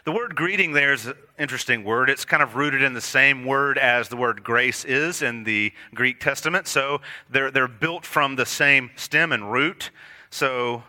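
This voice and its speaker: A man preaching a sermon to his congregation, earnest and direct, building to emphatic peaks and dropping to quiet lines. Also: medium pitch, unhurried. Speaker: pastor.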